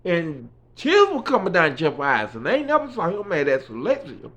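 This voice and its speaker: A man's voice: fairly high pitch, huge pitch swings, moderate pace, a bit bright, muffled recording. A man telling his life story in a casual, rambling way, with frequent fillers. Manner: rambling, fillers like "you know" and "right".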